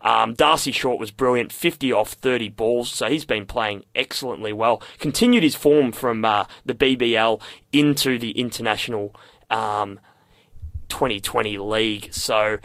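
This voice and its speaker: A man's voice: medium pitch, normal speed, fairly bright tone, no echo. A young man presenting a casual sports segment on radio, rambling with lots of fillers. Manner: chatty, rambling, filler-heavy. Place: radio studio.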